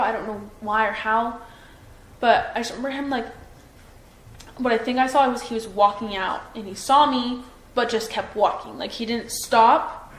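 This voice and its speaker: A young woman in her twenties giving a police interview, hesitant and full of fillers and restarts. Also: a little high. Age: 20s. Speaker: witness being interviewed by police. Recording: roomy room echo with faint noise.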